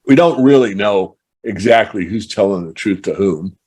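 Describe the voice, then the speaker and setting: A man hosting a casual podcast conversation, explaining his points in long, measured run-on thoughts. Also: on the low side, animated, a little mellow, slightly rough. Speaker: show host.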